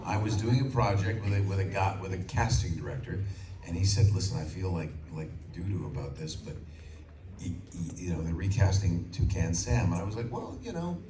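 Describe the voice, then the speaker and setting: A man in his sixties, a voice actor telling animated stories on a convention panel and slipping into character voices. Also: low-pitched, a little fast, noisy background. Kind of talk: anecdotal panel storytelling. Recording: echoey hall from far off, loud crowd.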